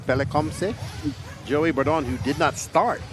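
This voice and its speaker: A man's voice: fairly high pitch, measured pace, background noise. Bermudian man commentating a race. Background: music.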